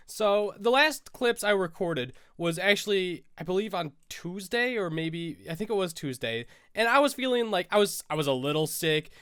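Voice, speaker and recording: Sniffling and congested, a young American Minecraft YouTuber wanders through casual commentary, often correcting himself. His voice sits high and is a bit bright, clear and resonant, in a clean studio recording with no room sound.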